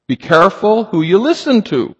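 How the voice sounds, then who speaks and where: A man's voice: high-pitched, very animated, normal speed, slightly rough, highs cut off. A man preaching a sermon, emphatic and rhetorical, reading scripture aloud and asking the congregation questions. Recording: long hall reverb.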